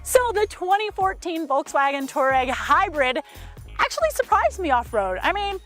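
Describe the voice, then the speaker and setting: A woman's voice: very high voice, sing-song, normal speed, fairly bright tone, faint music behind. A woman giving a chatty, frank car review to camera, with hesitant fillers.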